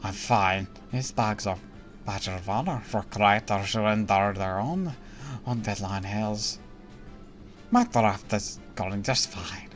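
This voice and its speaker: A man's voice: fairly low pitch, animated, takes it slowly, faint music behind. A man voicing a frazzled, sleepless manga artist on deadline in a game, reading the lines aloud on a stream in a brash, bossy way. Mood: defensive.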